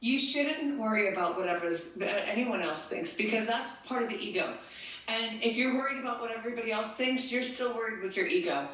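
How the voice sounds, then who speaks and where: A woman's voice: fairly high pitch, fairly quick, a bit bright. Earnest rambling woman in an echoey room. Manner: earnest, rambling, gets emotional. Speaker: guest, empath and tattoo artist. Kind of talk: casual interview talk. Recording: echoey, distant, dull sound.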